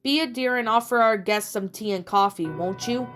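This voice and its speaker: A woman's voice: on the high side, normal speed, fairly bright tone, soft background music, lightly acted. A woman voicing a gracious, genteel middle-aged pony mare who runs a realty office, with a slight upper-class lilt.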